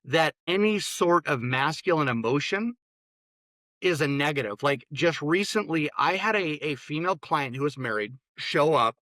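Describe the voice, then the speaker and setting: A man's voice: mid-range voice, bright, forceful tone, no echo. A man, a therapist and interview guest, talking bluntly and opinionatedly, often restarting his words. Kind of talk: casual interview talk.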